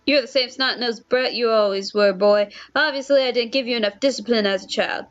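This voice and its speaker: A woman's voice: on the high side, fairly quick, muffled recording, lightly acted. A woman voicing a stern, disapproving father in a story game, speaking in a cold, formal scolding tone.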